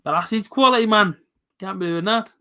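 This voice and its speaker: A man in his late twenties hosts a live football reaction stream, chatting casually and reading chat as he answers viewers by name. His voice is high-pitched, brisk, bright and forceful, with a clean tone.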